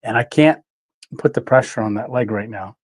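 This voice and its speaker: A man hosting a live stream, reading viewer comments in a relaxed, emotional way with many pauses and fillers. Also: medium pitch, husky. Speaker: channel host.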